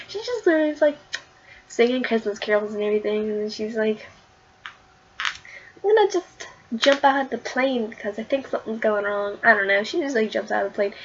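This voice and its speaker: A woman's voice: sits high, dull audio, a little hiss or hum. A woman casually talking through a comic issue in a chatty vlog, full of fillers and giggles. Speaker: comic book reviewer.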